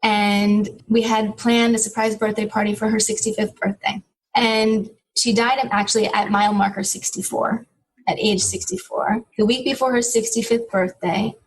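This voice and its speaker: A woman's voice: mid-range voice, level tone, normal speed, low-quality recording. A woman in her thirties, a guest on an interview podcast, telling a personal story in a reflective, heartfelt way, with many "you know" fillers.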